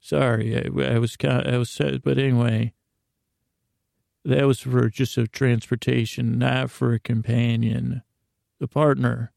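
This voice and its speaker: A man telling a rambling comedic story in a deadpan, awkward way, stammering and correcting himself often. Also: medium pitch, unhurried, gravelly, dry recording, clean studio sound. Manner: stammering, with many restarts and self-corrections.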